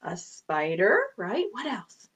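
A woman's voice: medium pitch, big pitch swings, slow pace. A woman hosting a children's storytime, singing songs and talking to small children in a sing-song, exaggerated manner. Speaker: children's librarian.

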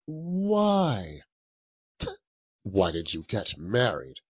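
A man voicing a grumpy, scornful old miser in a storybook reading, with drawn-out, high, strained retorts. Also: huge pitch swings, husky, heavily acted. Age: older. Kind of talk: audiobook character voice.

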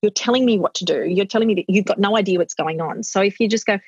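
Middle-aged woman, husky voice, animated interview chat, dull dry sound. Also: mid-range voice, fast talker, few pauses, dry recording. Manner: animated, acts out what she says to her kids. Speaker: guest. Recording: muffled dry audio.

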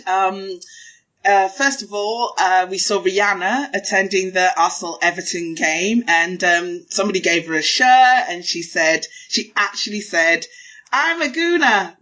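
A woman's voice: medium pitch, moderate pace, bright, forceful tone. A woman co-hosting a fan podcast, talking in a chatty, giggly way. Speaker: podcast co-host. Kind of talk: casual podcast chat. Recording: dull lo-fi podcast audio.

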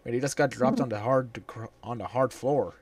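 A man giving casual gameplay commentary at home, reacting out loud, swearing, and reading the game's lines aloud. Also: mid-range voice, moderate pace. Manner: reactive, swears, reads game dialogue aloud. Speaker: let's play gamer. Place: home room. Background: game music.

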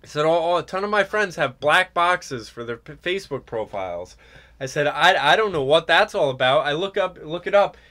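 A man's voice: on the high side, expressive, moderate pace, bright, forceful tone. A man hosting a political talk show, ranting sarcastically and mimicking others. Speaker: podcast host. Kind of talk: political commentary chat.

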